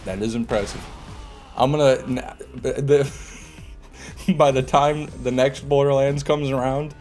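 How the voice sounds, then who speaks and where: A man's voice: medium pitch, steady tone, measured pace, pauses often, a little mellow, faint music behind. A man giving casual live commentary while playing a game, joking with chat, laughing often and restarting his phrases. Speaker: gaming streamer. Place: streaming setup, game music playing.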